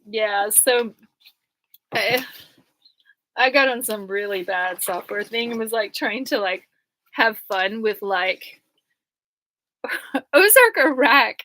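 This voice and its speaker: A woman's voice: medium pitch, sharp tone, no echo, low-quality recording. A woman rambling casually over her court papers, chatty, laughing often and full of "like" fillers. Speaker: vlogger going through court papers.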